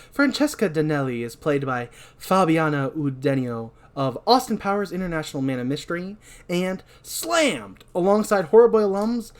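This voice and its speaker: Rambling man recapping a movie. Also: fairly high pitch. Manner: rambling, self-deprecating, breaks into shouted line readings. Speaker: podcast host. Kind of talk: casual podcast recap.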